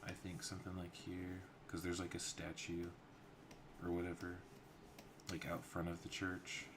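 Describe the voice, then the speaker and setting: A man with a very deep voice talks loosely through his story beats, full of fillers and asides. Clear keyboard typing and clicks run behind him. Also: monotone, moderate pace, noisy background. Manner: loose and rambling, lots of fillers. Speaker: storyboard artist streaming. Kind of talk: casual livestream narration.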